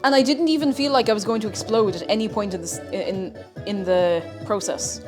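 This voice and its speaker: A woman's voice: mid-range voice, brisk, soft background music. A woman chatting casually and playfully with her viewers while cooking in her home kitchen on a livestream. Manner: playful rambling banter with chat. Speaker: streamer. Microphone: streaming mic.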